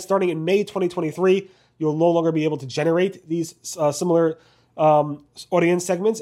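A man hosting a weekly search news video recap, talking rapidly with frequent ums and self-corrections. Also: fairly high pitch, mellow. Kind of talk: fast solo news recap to camera.

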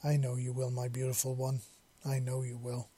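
A man reading a story voices a big scaly male creature who speaks low, soft and purring in a deep, husky voice. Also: fairly even intonation, normal speed, natural voice. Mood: purring, teasing.

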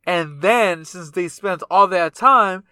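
A man rambles through a casual sports podcast, cursing freely and calling his friends fool. His voice sits high and rings bright and sharp. The sound is dry and close. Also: slow pace, smooth, dry recording. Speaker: podcast co-host.

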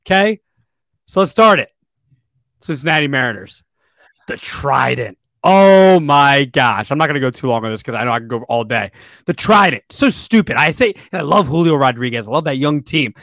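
Brief: young male podcast co-host, exasperated sports rant, slightly high voice, dry close sound. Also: dry recording. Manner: animated, exasperated ranting. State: losing his voice.

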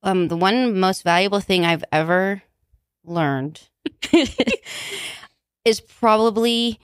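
A man's voice: sits high, slow, fairly bright tone, smooth, no echo. Guy doing a feisty old granny, laid-back and jokey, dry close mic. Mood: wry. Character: feisty old grandma, about eighty-five. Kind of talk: comedic role-play chat.

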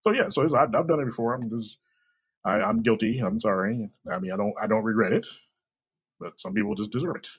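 A man's voice: fairly low pitch, animated, fairly quick, slightly rough. A man hosting a solo podcast, rambling and swearing freely with self-mocking asides. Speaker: podcast host. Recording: dull lo-fi recording.

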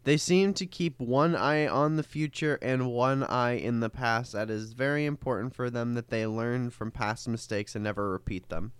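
A woman reading a horoscope aloud in casual chat, in a laid-back, halting way with fillers. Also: extremely low pitch, clean tone, no room sound.

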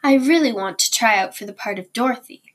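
Brief: woman reading an eager twelve-year-old girl, storybook read-aloud, raised pitch. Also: quick pace, husky. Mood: excited.

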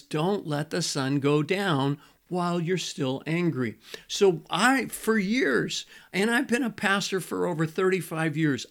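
A middle-aged man with a slightly higher voice talks like a pastor teaching a small group. He is relaxed and chatty, repeats his main points, and slows down on the words that matter. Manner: conversational, repeats key phrases, slows for emphasis. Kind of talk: teaching talk on marriage.

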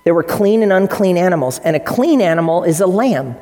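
A woman's voice: lowish voice, expressive, brisk, warm tone. A woman pastor preaching a sermon to her congregation, teaching earnestly with varied emphasis. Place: church sanctuary. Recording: long reverb in a large hall.

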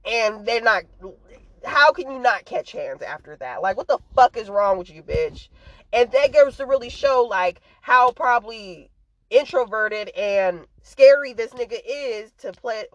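A woman ranting in a casual commentary, worked up and emphatic, full of profanity and sharp repeated put-downs. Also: on the high side, animated, unhurried, dry recording, lo-fi sound. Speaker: vlogger.

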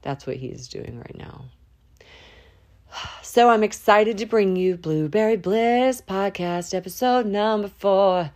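A woman hosting a faith podcast, praying aloud in a heartfelt, informal way, with sudden rises and slow drawn-out words. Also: mid-range voice. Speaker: podcast host. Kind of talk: spoken prayer and encouragement. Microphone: audio only, no camera.

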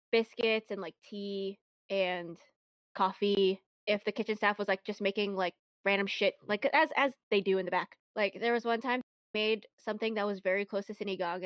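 A woman's voice: mid-range voice, dry recording. A young woman in casual chat, speaking candidly about work and using many fillers.

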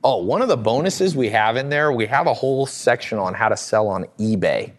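A man hosting a casual livestream from home, answering viewer questions in a lively, joking way and often laughing. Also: medium pitch, brisk. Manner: animated, laughs often, acts out quotes in funny voices. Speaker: host.

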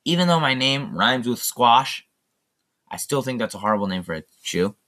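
Bright-voiced teenage guy rambling on his podcast. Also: mid-range voice, animated, moderate pace. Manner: rambling, jokey, chatty asides. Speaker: podcast host. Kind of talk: solo casual podcast monologue.

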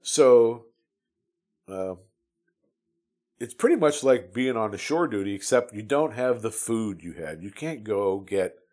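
A man's voice: fairly low pitch, animated, a little slow, pauses often, darkish tone. Rambling middle-aged man telling a story. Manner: rambling, with many restarts and fillers. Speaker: Navy veteran telling his story. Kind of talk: casual storytelling.

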